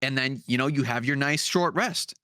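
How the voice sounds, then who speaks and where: Playful, swearing young man, bright tone. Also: mid-range voice, normal speed, clear, resonant tone, no room sound, studio quality. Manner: laid-back, profane, playful. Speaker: podcast co-host. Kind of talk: casual chat.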